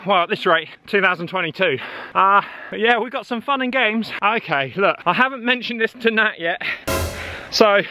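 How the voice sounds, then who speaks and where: A cycling vlogger chats casually while riding on country roads, joking and swearing freely, recorded by an action camera mounted on the bike. His voice sits high with a sharp tone, and the recording is dry.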